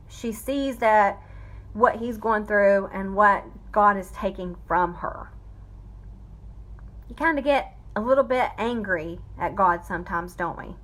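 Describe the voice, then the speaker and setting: A woman giving an emotional personal testimony, fighting back tears as she speaks. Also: mid-range voice. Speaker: vlogger telling a family story.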